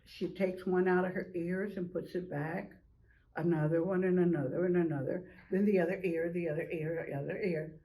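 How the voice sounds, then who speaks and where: An older woman telling a traditional animal story slowly, drawing out repeated phrases. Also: lowish voice, steady tone, phone-quality sound.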